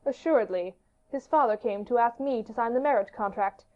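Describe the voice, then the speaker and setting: Regal male king, read by a woman, curious, brisk, muffled recording. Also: fairly high pitch, close to an everyday voice. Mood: commanding. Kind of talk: audiobook character reading. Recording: dull lo-fi audiobook recording.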